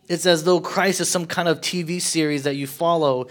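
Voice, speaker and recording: A man preaching a sermon as pastor, rising in force on rhetorical questions and dropping low and soft when quoting. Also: steady tone, moderate pace, few pauses. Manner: impassioned preaching, swelling louder on questions and dropping low for quotes.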